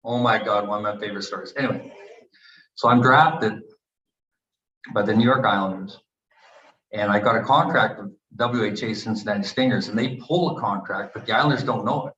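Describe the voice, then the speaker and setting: A man in his sixties from Canada, a retired hockey player telling animated stories at a book event and acting out the quotes. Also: lowish voice, a little fast. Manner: animated anecdotes with acted quotes. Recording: echoey, dull room recording.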